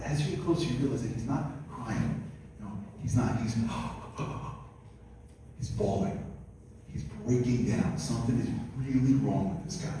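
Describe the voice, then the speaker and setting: A man tells a story to a live audience, moving between near-whispered scene setting and loud, high-pitched quoted voices. He sounds far from the mic, and his voice rings through a large, strongly echoing hall with a long tail of reverb. Faint room ambience sits under his voice. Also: a little hiss or hum. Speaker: guest speaker. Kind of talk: storytelling lecture. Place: community center hall. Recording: distant, very echoey hall recording.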